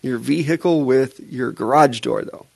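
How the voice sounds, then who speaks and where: A man's voice: mid-range voice, moderate pace, gravelly, slightly rough, no echo. A man co-hosting a podcast, trading teasing jokes in casual chat. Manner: teasing, joking banter. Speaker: podcast co-host.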